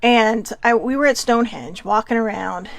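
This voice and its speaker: Californian woman host, gravelly, slightly high, chatty and digressive, dry close sound. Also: moderate pace, dry recording. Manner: rambling, chatty, many fillers and asides. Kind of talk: casual self-care talk.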